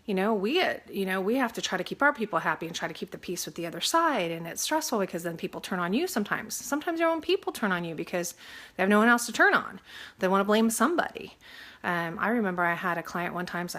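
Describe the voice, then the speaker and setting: A woman's voice: mid-range voice, expressive, quick pace, fairly bright tone. A woman from Texas who works as a real estate agent, talking casually to camera, chatty with lots of fillers and acting out her clients' voices. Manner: faith-minded, mentions praying.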